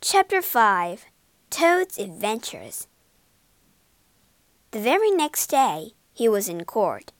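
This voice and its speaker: A woman reading a children's story aloud in an expressive, storybook narration. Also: fairly high pitch, dry recording. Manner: slow, lively expressive reading.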